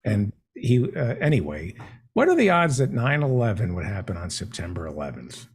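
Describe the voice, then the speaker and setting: A man hosting a comedy talk show, joking in a deadpan, mock-naive way. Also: lowish voice, normal speed, husky. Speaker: show host.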